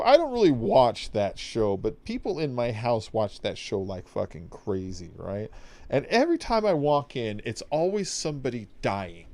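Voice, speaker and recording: Male streamer, rambling and profane, lively pitch, casual gameplay talk. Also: normal speed. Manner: rambling, profane, animated storyteller. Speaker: game streamer.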